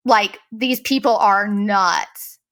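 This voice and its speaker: A woman hosting a podcast, telling a story in a casual, profane, animated way and mimicking the people she quotes. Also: medium pitch, slow pace. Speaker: podcast host.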